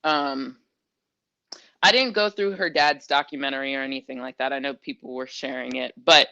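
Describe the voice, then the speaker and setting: A woman's voice: very deep voice, fairly even intonation, moderate pace, vocal fry, sharp tone, no room sound, muffled recording. A woman co-hosting a casual basketball talk show, conversational and teasing, thinking aloud with fillers as she weighs a player. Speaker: podcast co-host. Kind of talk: casual sports chat.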